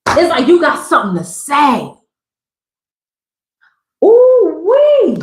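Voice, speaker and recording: A woman giving a live tarot reading, talking in a loud, slangy, preachy and joking way. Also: fairly high pitch, expressive, a little slow, noisy background. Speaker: tarot reader. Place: Southern California. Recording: echoey room.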